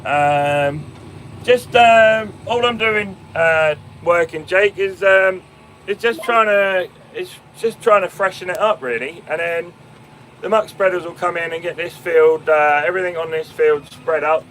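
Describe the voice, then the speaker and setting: Chatty farmer with a bright Fenland accent. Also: male voice, high voice, a little slow, slight background noise, rough recording. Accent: English Fenland. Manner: chatty, many ums and restarts, calls viewers mate and my man. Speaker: farmer live-streaming from a tractor cab. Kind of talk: casual live stream chat, answering viewers. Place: inside a tractor cab in a field. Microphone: phone.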